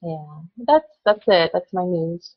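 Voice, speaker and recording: Earnest young woman, lowish voice. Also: takes it slowly, no room sound, lo-fi sound. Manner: earnest, filler-heavy, hesitant. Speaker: podcast guest. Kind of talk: casual chat.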